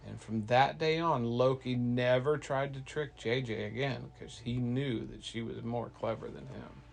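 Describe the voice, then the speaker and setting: A man telling a playful bedtime story to his child, slow with hesitant fillers. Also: medium pitch, steady tone, creaky, background noise. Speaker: parent storyteller.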